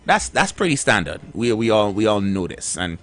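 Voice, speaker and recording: A man's voice: fairly low pitch, very animated, normal speed, fairly bright tone. A man co-hosting a casual radio chat, talking in a chatty, rambling way with many repeated words. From Trinidad and Tobago. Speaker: radio show co-host.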